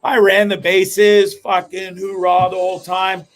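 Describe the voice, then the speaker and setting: A man hosting a comedic live show, telling stories in a rambling, profane, animated way. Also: high voice, measured pace, faint music behind. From Canada. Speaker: host.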